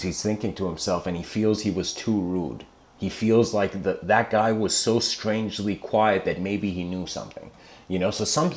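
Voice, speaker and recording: Guy giving a loose rambly philosophy talk, keeps saying you know, echoey room, middle pitch. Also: a little mellow. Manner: rambling, self-correcting, many "you know" fillers. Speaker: lecturer.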